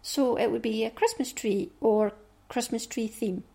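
Her voice is a little high, gravelly and warm, and she speaks a little slowly. She's a middle-aged woman with a Scottish accent hosting a knitting podcast in casual, rambling chat, with asides murmured under her breath.

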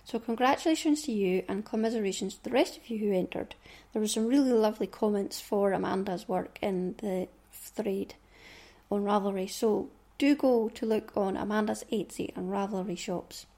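A woman's voice: medium pitch, moderate pace, warm tone. Chatty Scottish woman podcaster. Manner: chatty, rambling, asides under her breath. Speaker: podcast host. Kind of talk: casual chat.

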